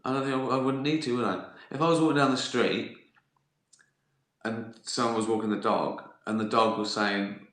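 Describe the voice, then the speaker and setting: A man hosts a casual live-stream Q&A, answering viewer questions in a teasing, sweary way. His voice is bright and sharp, at a middling pitch. The recording has an echoey room sound. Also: steady tone, normal speed.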